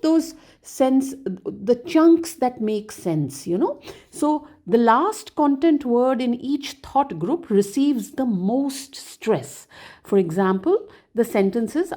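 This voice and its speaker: A woman's voice: a little high, dark tone. A middle-aged woman, explaining a lesson to fellow teachers in a patient, emphatic way and modelling stressed words aloud. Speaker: English teacher trainer.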